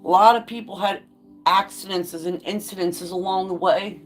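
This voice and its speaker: A woman's voice: medium pitch, steady tone, normal speed, soft background music. A woman talking to camera in a candid vlog, blunt and profane, moving from reading aloud to an impassioned rant. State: choked up. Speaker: vlogger.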